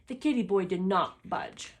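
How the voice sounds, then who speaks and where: A woman reading a children's picture book aloud in an expressive, lively storytelling manner. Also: medium pitch, moderate pace.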